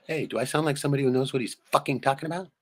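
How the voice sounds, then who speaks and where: A man's voice: medium pitch, very fast. A man hosting a livestream, venting in a profane, rambling, heated way and tossing in "right?" constantly. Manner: peppers speech with "right?". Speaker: livestream host. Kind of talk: casual livestream rant.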